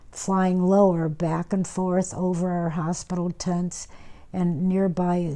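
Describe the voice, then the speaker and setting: An elderly woman in her nineties tells an old memory in an oral history interview. Her voice sits low and mellow, with a flat, even melody. She speaks unhurriedly, filling pauses with small hesitations and restarting her phrases. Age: 90s. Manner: unhurried reminiscing with many fillers and restarts. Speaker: war veteran interviewee.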